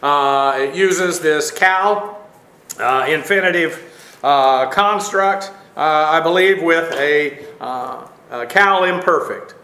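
A man teaching a Bible lesson, halting often with fillers and dry asides. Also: a little high, sharp tone, roomy sound.

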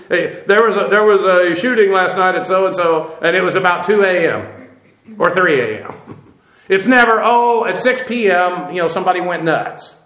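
Male Bible teacher, high-pitched and conversational, emphatic asides, echoey room. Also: bright, forceful tone. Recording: roomy echo.

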